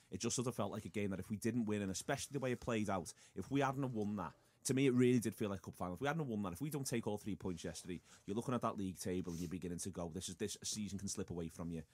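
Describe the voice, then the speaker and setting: A fast-talking man hosts a football podcast. His voice sits low, and the studio sound is dry. He speaks in animated bursts full of restarts. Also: no room sound. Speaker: podcast host.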